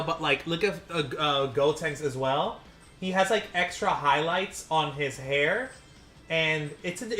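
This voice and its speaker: A tired young man streaming a game, chatting with viewers in an excitable, rambling way and swearing now and then. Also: on the high side. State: tired, short on sleep. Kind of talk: casual live-stream chat while gaming.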